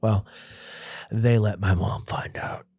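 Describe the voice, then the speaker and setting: A young man hosting a podcast, casually telling a story in a profane, animated way. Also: fairly low pitch, takes it slowly, a little hiss or hum. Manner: profane, animated, acts out quoted voices. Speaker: podcast host.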